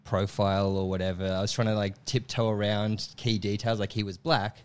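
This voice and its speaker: A man's voice: lowish voice, fairly quick, smooth. A young man telling a funny personal story in a casual chat, laughing often and acting out what people said. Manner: animated, laughs often, acts out voices in quotes. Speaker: comedian guest telling a story.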